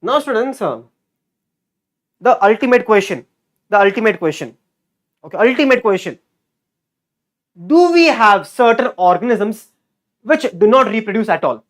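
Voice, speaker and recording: A male teacher giving a lively online exam-prep lecture. He repeats key words and keeps quizzing his students. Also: high-pitched, moderate pace, pauses often. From India.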